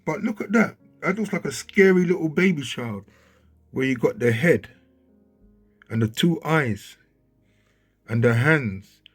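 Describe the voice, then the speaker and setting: A man with a husky, slightly rough voice talks over footage in a loose, conversational way. He grows excitable and keeps checking in with his listener. Faint music plays behind him. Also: fairly high pitch, a little slow, pauses often. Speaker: video commentator. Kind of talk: casual commentary over footage. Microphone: handheld mic.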